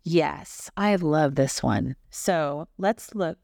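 A woman's voice: low voice, very slow, creaky, darkish tone, no echo, clean studio sound. A woman co-hosting a missionary podcast, talking through Bible passages in a chatty, playful way with frequent laughs. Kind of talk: casual Bible-teaching chat. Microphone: podcast microphone.

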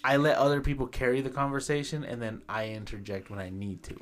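A man's voice: mid-range voice, fast talker, a bit bright. A man chatting casually on a podcast, laid-back and slangy with plenty of swearing. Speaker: podcast co-host. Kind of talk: casual chat.

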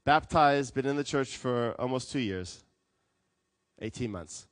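A man preaching a sermon as a pastor, telling stories with lively acted quotes. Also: medium pitch, measured pace, dry recording. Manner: animated storytelling with acted quotes.

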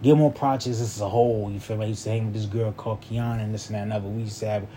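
A man's voice: lowish voice, fairly even intonation, very fast, noisy background. A young man casually telling a personal story in a loose, rambling way, often checking in with the listener. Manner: loose, rambling, repeats "you feel me".

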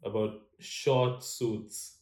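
A man's voice: lowish voice, little pitch movement, extremely slow, darkish tone, roomy sound. A young man co-hosting a podcast who rambles, swears casually and trails off mid-thought. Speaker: podcast co-host. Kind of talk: casual chat.

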